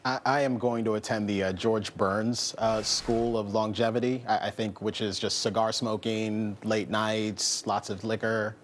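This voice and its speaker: A man on a TV panel making dry, slightly halting asides. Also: on the low side, little pitch movement, a little hiss or hum. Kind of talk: TV panel discussion.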